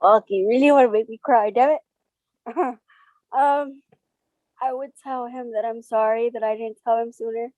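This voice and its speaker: A woman speaking as an interview guest over a video call, slow and halting, getting tearful at times. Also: a little high, fairly even intonation, darkish tone, dry recording, highs cut off.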